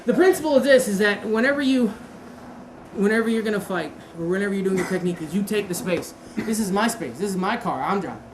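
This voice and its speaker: A woman's voice: medium pitch, fast, a crowd in the background. A woman teaching a martial arts seminar, talking casually, quizzing the class and correcting herself. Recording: roomy echo with steady background noise.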